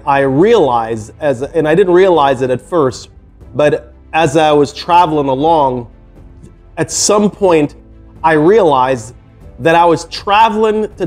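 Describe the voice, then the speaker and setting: A middle-aged man tells a personal story in a loose, casual way, circling back with fillers and restarts. His voice sits a little high for a man. Faint music plays quietly underneath. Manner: rambling, many fillers and restarts. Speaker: vlogger telling a travel story.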